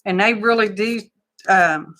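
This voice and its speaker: Texan lady rambling on her craft livestream, slow easy talk, bright voice. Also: mid-range voice. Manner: rambling, folksy storytelling with asides. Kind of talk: casual livestream chat.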